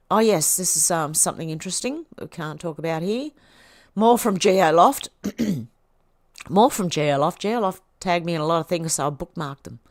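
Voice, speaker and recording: A woman's voice: lowish voice, no room sound, clean studio sound. A woman hosting a livestream, reading posts aloud and reacting in a chatty way. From Australia. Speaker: livestream host.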